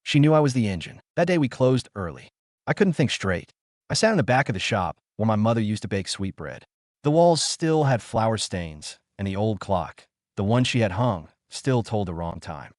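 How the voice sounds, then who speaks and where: A man's voice: on the low side, sing-song, moderate pace, darkish tone, no room sound, studio quality. A man narrating a scripted first-person story in a bitter, emotional, dramatic way.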